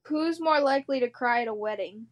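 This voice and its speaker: High-voiced young woman, blunt and swearing. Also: fairly quick. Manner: blunt, swears freely, laughs often. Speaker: podcast co-host. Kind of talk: casual chat.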